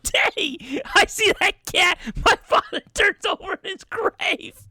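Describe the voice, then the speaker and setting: A woman voicing an exasperated retired older mother who shouts and scolds in near-tearful rants. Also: extremely high pitch, expressive, slow pace, full character voice. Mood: ranting.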